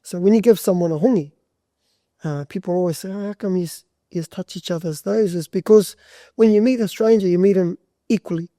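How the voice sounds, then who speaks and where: A man's voice: high voice, brisk, warm tone, no room sound, clean studio sound. A man, a butcher and guest on a podcast, telling stories in a rambling, casual way with plenty of swearing. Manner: rambling, swears freely, restarts sentences. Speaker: butcher and charity walker, guest. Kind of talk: casual storytelling.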